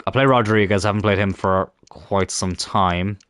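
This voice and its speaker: Low-voiced man grumbling over a game. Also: fairly even intonation, normal speed, fairly bright tone, dry recording, studio quality. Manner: frustrated, muttering, swears at the game. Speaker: gaming YouTuber. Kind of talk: casual gameplay commentary.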